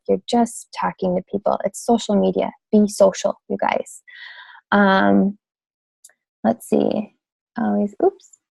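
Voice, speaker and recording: A woman's voice: medium pitch, gravelly, warm tone, no echo. A woman in her thirties giving casual coaching tips on a team call, chatty and full of fillers, often saying "you guys".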